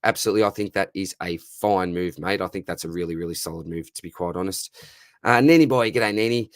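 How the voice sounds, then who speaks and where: An Australian man hosting a casual livestream Q&A, hoarse from losing his voice, chummy, calling everyone mate and brother. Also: deep voice, fairly even intonation, quick pace, no echo. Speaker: livestream host answering viewer questions.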